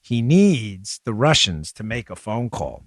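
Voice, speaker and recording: A man hosting a talk show, speaking rapidly and emphatically and addressing listeners directly on a close studio mic. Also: on the low side, big pitch swings, no echo. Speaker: show host. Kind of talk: opinion talk show monologue.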